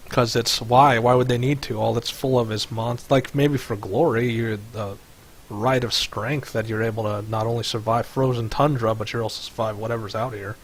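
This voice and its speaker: A man's voice: medium pitch, steady tone, moderate pace. A man running a tabletop game as game master over voice chat, rambling with many fillers. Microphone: headset or desk mic on voice chat.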